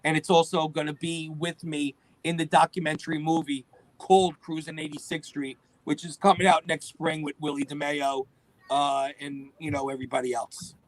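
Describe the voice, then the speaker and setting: A middle-aged man, a guest telling lively stories and acting out the dialogue. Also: a little high, normal speed, dry recording, rough recording. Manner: animated storyteller acting out quoted dialogue. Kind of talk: storytelling interview.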